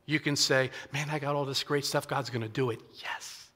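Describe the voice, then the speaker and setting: A man's voice: mid-range voice, fairly even intonation, moderate pace, sharp tone, in a large hall. A male pastor preaching a sermon in a conversational way, restarting phrases and acting out quotes from scripture. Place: church sanctuary.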